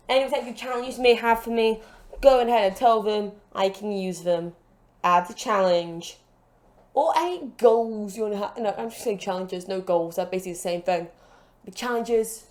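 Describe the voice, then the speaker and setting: This gaming channel host speaks at a normal pace in a slightly high, darkish voice. She narrates matches offhandedly, wandering into jokes and self-promotion, recorded on a desk mic with a broken stand.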